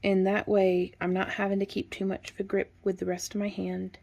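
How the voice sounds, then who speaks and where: Female craft instructor, mellow dark tone, casual step-by-step tutorial delivery. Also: mid-range voice, brisk, vocal fry. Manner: relaxed, chatty, counts stitches aloud.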